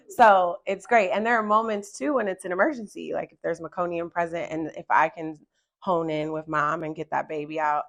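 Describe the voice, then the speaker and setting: A woman from Oakland hosting a round table chat as a doula, excited and laughing often. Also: lowish voice, fairly quick. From Oakland, California. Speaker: host and doula.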